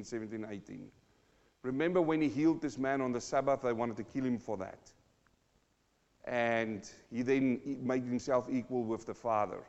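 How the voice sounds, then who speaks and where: A man's voice: medium pitch, darkish tone. A male pastor preaching a verse-by-verse sermon, dramatically acting out the voices in the passages. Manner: dramatic, acts out the scripture voices with rising intensity. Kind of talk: sermon, verse-by-verse Bible teaching. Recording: dull lo-fi sound, long hall reverb.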